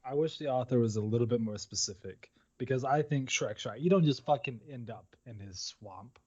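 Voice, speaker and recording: A man's voice: mid-range voice, a little fast, a little mellow, breathy edge. Casual, swearing man on a dull mic. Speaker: co-host.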